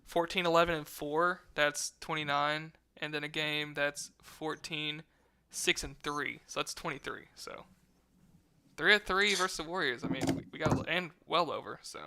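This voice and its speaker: A man co-hosting a casual sports betting stream reads stats aloud and chats with viewers. His voice is fairly high, bright, and forceful at a moderate pace, with slight background noise.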